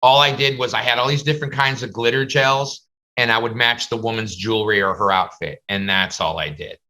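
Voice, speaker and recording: A man's voice: medium pitch, steady tone, fairly quick, pushed and bright. A man teaching a class over a video call, chatty and full of stories. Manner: chatty, storytelling, slips into comic voices. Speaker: face painting instructor.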